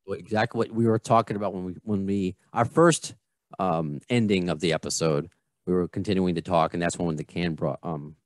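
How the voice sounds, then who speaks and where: Low-voiced chatty man in his thirties. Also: steady tone, fairly quick, no room sound. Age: 30s. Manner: rambling, chatty, self-correcting. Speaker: podcast host. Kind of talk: casual chat.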